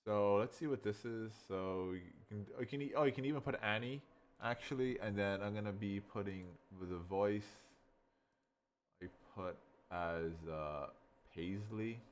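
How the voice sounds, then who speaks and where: Man, lowish voice, rambling, thinking aloud, casual software review. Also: unhurried, a little hiss or hum. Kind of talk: casual screen-recording review.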